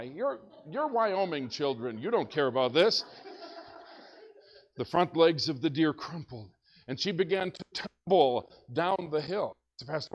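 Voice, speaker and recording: A man preaching as a pastor, telling a story in an animated way and shouting when excited, in a church. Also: fairly high pitch, muffled recording. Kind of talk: storytelling sermon. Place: church sanctuary.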